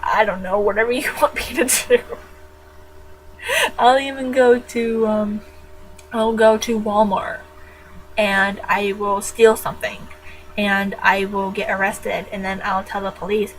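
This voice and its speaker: Slow-talking giggly teenage girl vlogging. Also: mid-range voice, level tone, slight background noise, rough recording. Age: teens. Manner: rambling, giggly, jokey. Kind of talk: casual vlog chat.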